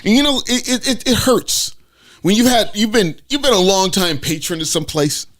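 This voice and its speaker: A man co-hosting a podcast, ranting and telling stories in a loud, profane, rambling way. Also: high-pitched, normal speed. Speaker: podcast co-host. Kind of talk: profane comedic rant.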